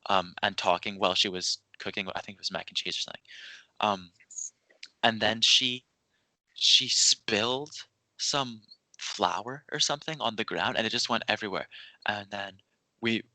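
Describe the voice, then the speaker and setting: Bright-voiced young man telling stories. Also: fairly low pitch, no room sound, rough recording. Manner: rambling storyteller with restarts and laughs. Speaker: podcast host. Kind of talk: casual chat.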